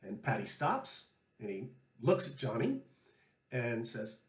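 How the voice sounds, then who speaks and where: A man hosting, a flute player telling a relaxed story and giving music tips. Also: mid-range voice, slow. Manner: chatty, anecdotal, relaxed. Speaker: flute player and show host. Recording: echoey room.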